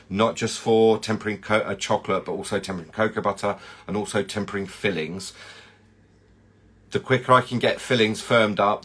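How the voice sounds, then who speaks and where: A man's voice: on the low side, a bit bright. A man, a chocolatier hosting a casual live chat and rambling through viewer comments.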